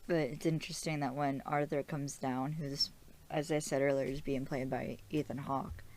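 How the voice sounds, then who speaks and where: A woman's voice: a bass voice, little pitch movement, normal speed, darkish tone, slight background noise. A young woman hosting a podcast and recapping a TV episode in a rambling, casual chat full of fillers and laughs. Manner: chatty and rambling, with many fillers and frequent laughs. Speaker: podcast host.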